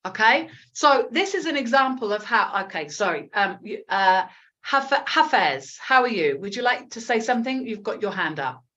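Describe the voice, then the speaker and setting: A woman's voice: fairly high pitch, animated, normal speed, bright, forceful tone, muffled recording. A woman with an English accent, teaching a live online English lesson in a chatty, encouraging way, with frequent ums and self-corrections. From England.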